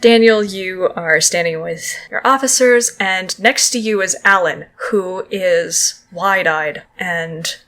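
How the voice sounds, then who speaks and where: A woman's voice: lowish voice, sharp tone, soft background music, rough recording. Woman narrating as game master. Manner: quick, playful narration with laughter.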